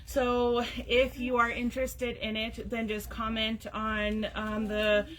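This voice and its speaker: A woman's voice: a little high, monotone, slow, a bit bright. A woman hosting a casual live video for a sewing store, chatty and full of fillers as she reads out class details. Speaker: sewing store staff host. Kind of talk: casual live-stream announcements.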